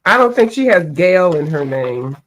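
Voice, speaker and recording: A woman's voice: fairly low pitch, very animated, normal speed, a little hiss or hum. A woman hosting a livestream, chatting casually while she colors, rambling and searching for names, a bit stuffy from allergies. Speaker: livestream host.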